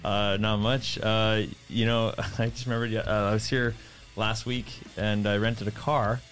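A man's voice: lowish voice, flat delivery, measured pace, a bit bright. Chill guy telling a funny story on a podcast, faint music behind. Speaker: guest. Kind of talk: casual storytelling chat.

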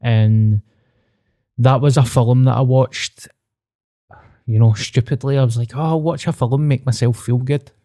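Young scottish guy on a podcast, swears a lot, open and lively, dark mellow voice. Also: medium pitch, a little slow, long pauses, no room sound, clean studio sound. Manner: sweary, candid, animated. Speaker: podcast co-host. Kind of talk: casual chat.

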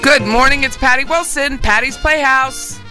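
A woman's voice: sits high, moderate pace, over music. A woman with a Philadelphia accent hosting a casual radio talk show, chatty and emphatic. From Philadelphia area. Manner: chatty, emphatic, repeats one word for punch. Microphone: studio microphone, also streamed live online.

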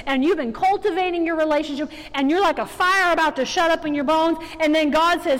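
Woman, preacher, very high voice, animated sermon, emphatic, reverberant sanctuary. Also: fairly quick, few pauses. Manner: animated, rising to emphatic exhortation. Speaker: guest preacher. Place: church sanctuary. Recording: reverberant hall.

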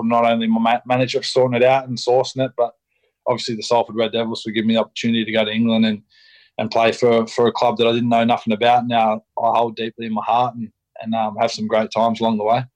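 A man's voice: medium pitch, completely flat delivery, fast talker, darkish tone, low-quality recording. A young Australian man, a rugby league player, talking candidly as a podcast guest, casual and blunt, with lots of ums, restarts and swearing. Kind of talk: candid interview chat.

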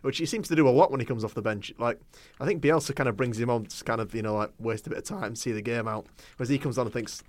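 A man's voice: mid-range voice, fast, few pauses, dry recording. A man co-hosting a casual football podcast, chatty and opinionated, laughing often. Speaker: podcast co-host.

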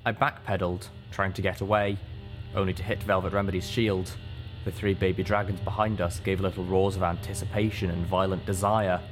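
A male audiobook reader narrates in a deep, steady, measured voice while a guitar plays faintly in the background.

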